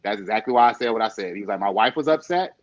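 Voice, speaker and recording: A man's voice: on the low side, rapid-fire. Man telling a story, lo-fi sound. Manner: animated storyteller, laughs often. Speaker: interview guest. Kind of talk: conversational podcast interview. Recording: dull lo-fi sound.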